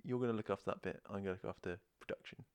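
A man's voice: sits low, very fast, darkish tone, clear, resonant tone. A man co-hosting a podcast, chatting casually in an upbeat way. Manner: chatty, upbeat sign-off patter. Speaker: podcast co-host. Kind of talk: casual chat.

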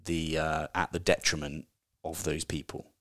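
Very deep-voiced man, chatty. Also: level tone, moderate pace, a bit bright, dry recording, clean studio sound. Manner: chatty, candid, swears casually. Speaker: podcast host. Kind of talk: casual solo podcast book review.

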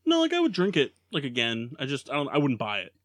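A man's voice: mid-range voice, wildly swooping pitch, fast talker, no echo. Joking male podcast host, dry sound. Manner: jokey, leads segments with many fillers. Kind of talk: casual podcast banter.

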